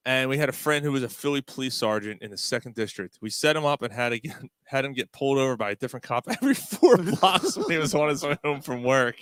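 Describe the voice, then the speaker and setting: A middle-aged man hosting a casual talk show, telling stories in an animated way, laughing often and swearing freely. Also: medium pitch, fast, hardly any pauses, clean tone, dry recording. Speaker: podcast host. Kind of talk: casual chat.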